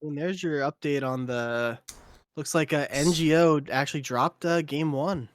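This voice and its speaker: A man giving color commentary on a live esports match, laid-back and halting, with many fillers. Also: fairly high pitch, no echo. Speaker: esports co-caster.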